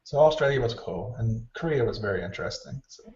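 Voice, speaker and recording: Animated male storyteller, distant roomy mic. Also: mid-range voice, quick pace, lo-fi sound. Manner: animated storyteller, acts out quoted dialogue. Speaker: hair stylist guest. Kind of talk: casual storytelling interview.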